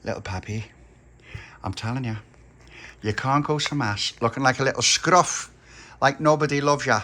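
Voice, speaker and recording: A man voicing a bossy, loving working-class mum who scolds briskly. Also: medium pitch, bright, forceful tone, a little hiss or hum, pitched above the performer's own voice, lightly acted. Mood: firm.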